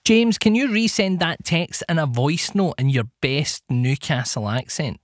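A man's voice: fairly high pitch, expressive, unhurried, no echo. A man co-hosting a radio show, throwing in dry, teasing asides. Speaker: radio co-host. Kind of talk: casual radio banter.

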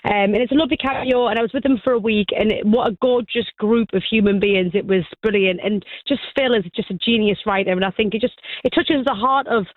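A woman's voice: medium pitch, fast talker, hardly any pauses, no echo, narrow, tinny audio. A woman, an actress chatting in a radio interview, enthusiastic and gushing, often stumbling over repeated words as she starts a sentence. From North of England. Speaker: actress guest.

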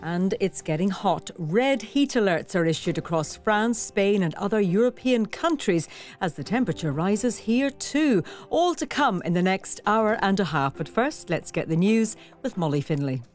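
A woman presenter opening a radio show, crisply reading the coming headlines. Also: mid-range voice, lively intonation, normal speed, soft background music.

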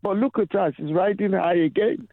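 A man's voice: high-pitched, normal speed, vocal fry, dry recording. A man calling in to a radio show, giving short, encouraging advice. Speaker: radio caller. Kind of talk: casual phone-in chat. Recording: tinny phone line.

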